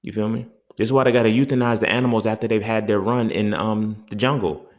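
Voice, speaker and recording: Deep, gravelly man telling stories. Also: fast. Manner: profane, streetwise, animated storytelling. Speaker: podcast host. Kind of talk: casual monologue storytelling.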